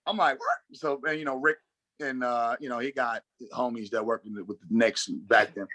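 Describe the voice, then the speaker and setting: Bright, animated Brooklyn storyteller man. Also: mid-range voice, normal speed, no echo. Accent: New York. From Brooklyn, New York. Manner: animated, slangy storyteller acting out dialogue. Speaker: guest, basketball coach. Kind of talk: casual storytelling interview.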